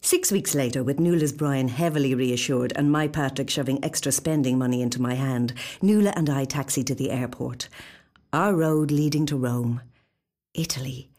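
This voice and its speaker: A woman reading a short story in a wry, confiding, expressive first-person narration, recorded in a studio. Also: extremely low pitch, moderate pace.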